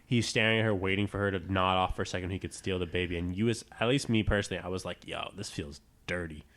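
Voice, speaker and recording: A young man co-hosting a podcast, casually retelling a film's plot and jumping into silly voices for quoted lines. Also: quick pace. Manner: animated storyteller, jumps into squeaky voices for quotes. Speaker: podcast co-host. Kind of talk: casual movie recap chat.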